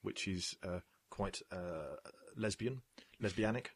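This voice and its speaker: A man's voice: sits low, takes it slowly, breathy edge. A young man co-hosting a film podcast in casual chat, joking and rambling, laughing often. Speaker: podcast co-host.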